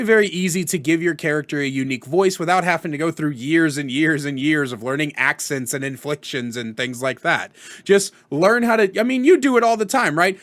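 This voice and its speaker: A man giving tabletop role-playing tips in a casual tutorial vlog, energetic and chatty, with offhand swearing. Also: on the high side. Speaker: tabletop gaming content creator.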